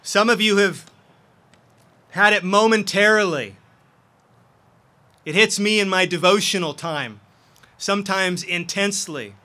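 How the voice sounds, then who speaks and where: A man's voice: high-pitched, unhurried, long pauses, bright, forceful tone. A man preaching a sermon as pastor, earnest and impassioned.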